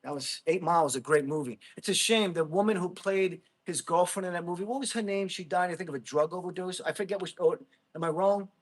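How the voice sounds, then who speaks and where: Excitable, rambling livestreamer. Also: male voice, high-pitched, quick pace. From Jersey City, USA. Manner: rambling, excitable, laughs a lot, talks to chat. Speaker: livestream host, Marine veteran. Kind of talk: casual livestream chat.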